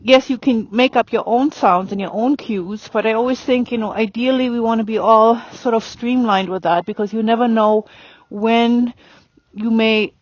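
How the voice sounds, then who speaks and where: A woman's voice: on the high side, steady tone, moderate pace, few pauses, no room sound, highs cut off. Chatty woman teaching from horseback. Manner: chatty, lots of fillers, gives spoken commands to a horse. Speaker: riding instructor. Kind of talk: riding lesson demonstration. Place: outdoor arena, riding a horse.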